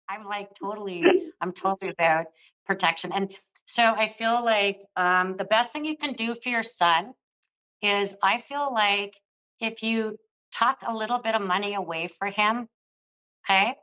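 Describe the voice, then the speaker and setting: Older female psychic host, gentle and affectionate reading, bright tone, muffled lo-fi sound. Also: mid-range voice, measured pace. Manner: soothing, affectionate, calls the caller love. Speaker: psychic reader. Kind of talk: live psychic reading on air.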